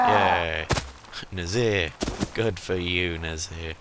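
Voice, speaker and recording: A man's voice: low-pitched, moderate pace, heavy background noise. A man rambling through let's-play commentary, joking and muttering asides to himself as he plays. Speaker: gamer.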